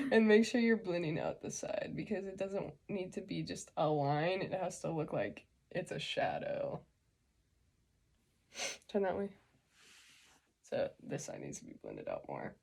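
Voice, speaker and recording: A woman's voice: fairly low pitch, very animated, unhurried, creaky, pauses often, a little mellow, slightly rough. A young woman hosting a casual makeup tutorial, chatty and joking as she explains each step.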